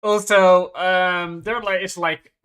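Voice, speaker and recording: Bright, smooth-voiced man with short quips. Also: sits high, steady tone, slow. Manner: short backchannels and dry quips. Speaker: co-host of a review stream. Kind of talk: casual stream chat.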